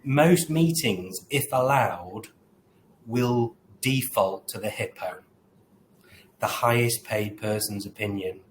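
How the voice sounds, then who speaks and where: A man speaking as a panel guest, telling a story in a relaxed, low-key way. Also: takes it slowly, slight background noise, low-quality recording. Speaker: panel guest, railway executive. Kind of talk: panel discussion.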